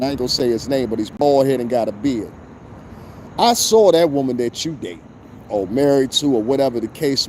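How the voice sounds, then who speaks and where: A man's voice: mid-range voice, a little mellow, a little hiss or hum. A man hosting a show, ranting in blunt, profane commentary with rhetorical asides to his listeners. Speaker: show host. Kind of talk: unscripted commentary rant.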